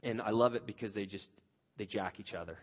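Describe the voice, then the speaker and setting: A man's voice: fairly low pitch, fairly quick. A man in his thirties preaching a sermon conversationally, telling a story about his own family and restarting phrases often. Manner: conversational storytelling with frequent restarts, rising loud when quoting himself. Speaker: pastor. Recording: dull lo-fi sound with long hall reverb.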